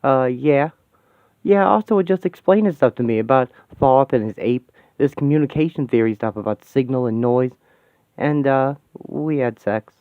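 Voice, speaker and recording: A man's voice: medium pitch, normal speed, dry recording, lightly acted. A man voicing a brash, blunt dead woman. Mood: flustered. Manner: blunt, folksy, swears easily. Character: brash grieving middle-aged woman, dead and adrift. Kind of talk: fan radio-play comic reading. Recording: tinny, dry, phone-like sound.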